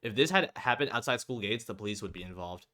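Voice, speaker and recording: A man's voice: fairly low pitch, expressive, pushed and bright. A man doing a cold, stern headmaster. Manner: formal, threatening, measured.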